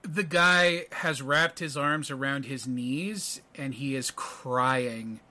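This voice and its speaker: A man narrating a tabletop game as game master, halting and full of fillers. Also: medium pitch, noisy background.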